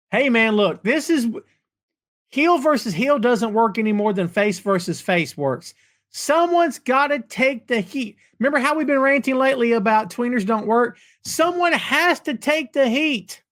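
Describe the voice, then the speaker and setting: A man hosting a live chat show, talking in an animated, rambling way with folksy slang and chuckles as he reads viewer comments. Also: very high-pitched. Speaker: podcast host.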